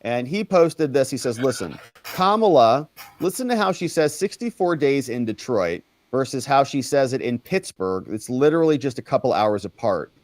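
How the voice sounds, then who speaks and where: A man hosting a commentary show, mocking clips with drawn-out sarcastic repetitions. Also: mid-range voice, big pitch swings, darkish tone, dry recording.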